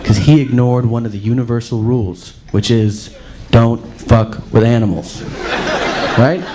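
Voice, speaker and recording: A man's voice: medium pitch, fairly even intonation, unhurried, dark tone, a faint crowd, slight background noise. A man doing stand-up comedy, ranting emphatically and punching lines with tag questions.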